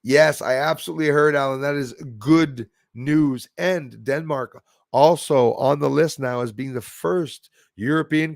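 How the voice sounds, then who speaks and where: A man chats casually on a livestream, reading viewers' comments and wandering off into indignant asides. His voice is gravelly and sits in a middling pitch. The sound is dry and close, with no room echo. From Canada. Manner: rambling, indignant, reads viewer comments aloud. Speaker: livestream host reading chat. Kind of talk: casual chat.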